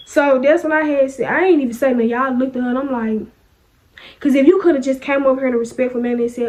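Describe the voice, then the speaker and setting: High-voiced young woman telling a storytime. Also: steady tone, fast talker, a little mellow. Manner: chatty, sassy, acts out quoted lines. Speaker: vlogger. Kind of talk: casual storytime vlog.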